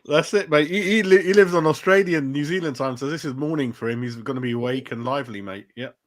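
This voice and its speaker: A man's voice: a little high, fast. A man who is a guest on a live show, chatting in a laid-back, jokey way and often saying "mate". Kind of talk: casual chat.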